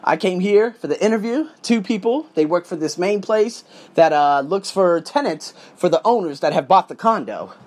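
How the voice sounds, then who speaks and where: Animated, swearing male vlogger. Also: high voice, normal speed. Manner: emphatic, swearing storyteller. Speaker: vlogger, English teacher. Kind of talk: casual vlog monologue. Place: condo room, indoors.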